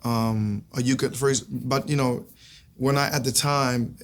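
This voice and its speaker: A man's voice: medium pitch, steady tone, unhurried, a little hiss or hum. A man guest on an interview show, talking loosely and chattily with lots of restarts. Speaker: guest singer. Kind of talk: casual interview chat.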